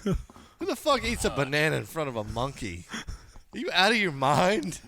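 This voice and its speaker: A man's voice: on the high side, very animated, moderate pace. A man streaming and reacting to videos in casual, crude commentary, laughing often between jokes. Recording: loud background noise.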